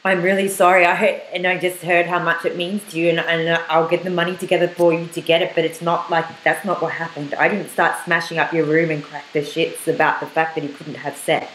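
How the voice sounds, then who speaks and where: A woman's voice: lowish voice, flat delivery, fairly quick, few pauses, a bit bright, reverberant, slight background noise, close to an everyday voice, rough recording. An actress playing a young woman on a date, apologizing and insisting on her side, stammering. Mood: apologetic. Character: young woman admitting a one-night stand, defensive. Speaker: date confessing. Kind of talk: conversational web-series acting.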